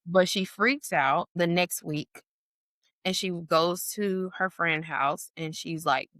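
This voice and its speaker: In casual podcast chat, a female co-host tells a lively story, mimicking quotes in a high voice and using "like" and "or whatever" constantly. She goes at a slow pace, and the studio sound is clean with no room sound.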